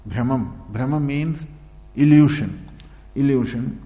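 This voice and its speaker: A man giving a spiritual discourse, repeating points, posing rhetorical questions and often clearing his throat. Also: mid-range voice, slow pace, mellow. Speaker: spiritual teacher. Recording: echoey hall with long reverb.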